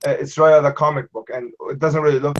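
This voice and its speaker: A man's voice: on the high side, steady tone, fast talker, a little hiss or hum. Rambling man, lo-fi sound. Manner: rambling, repeats "you know what I mean". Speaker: panel collector. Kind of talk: casual panel chat. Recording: dull lo-fi sound.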